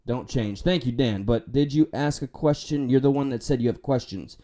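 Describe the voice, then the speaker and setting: A man's voice: mid-range voice, normal speed, dark tone. A man with a New York accent hosting a livestream, reading chat and talking candidly, swearing and joking as he rambles.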